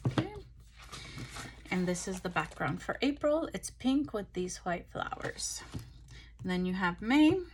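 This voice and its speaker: A tired woman chatting casually through a craft haul, relaxed and full of ums and pauses, recorded on a phone. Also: mid-range voice, background noise. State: tired, yawning. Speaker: craft vlogger. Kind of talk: casual show-and-tell chat.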